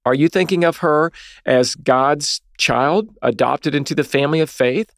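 A man's voice: fairly high pitch, normal speed, gravelly, dry recording, clean studio sound. A man in his thirties hosting a Christian podcast, teaching young listeners in an earnest, conversational preaching style, often asking "right?" and acting out quoted dialogue. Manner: acts out dialogue in short quoted voices. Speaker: podcast host.

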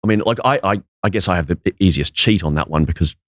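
A man from northern Queensland with a light Australian accent, speaking in a very deep voice. He explains things clearly and deliberately as an interview guest. The recording is dry and close. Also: no room sound. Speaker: evangelist guest. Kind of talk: casual interview chat.

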